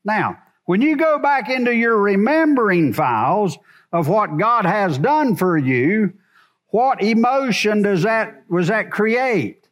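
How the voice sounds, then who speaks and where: Preacher man in church, slowish, voice goes up and down a lot, asks the crowd questions. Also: sits high. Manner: animated preaching, rhetorical questions to the congregation. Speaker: pastor. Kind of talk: sermon.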